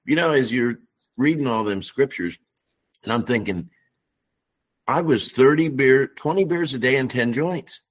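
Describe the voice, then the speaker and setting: A man's voice: mid-range voice, measured pace, pauses often. A man calling in to give an earnest, emphatic testimony. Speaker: caller. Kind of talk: spoken testimony.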